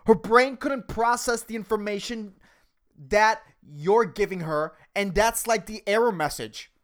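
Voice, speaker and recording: A woman hosting a solo podcast, ranting sarcastically and swearing freely, and talking fast by her own account. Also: mid-range voice. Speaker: podcast host.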